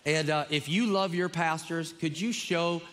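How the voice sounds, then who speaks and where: Preaching as a guest in a big church auditorium, this middle-aged man from Minnesota keeps the crowd laughing with friendly, eager energy. His pitch sits fairly high and his delivery runs a bit slow against a noisy background. The hall's long reverb carries his sermon, with the congregation audible.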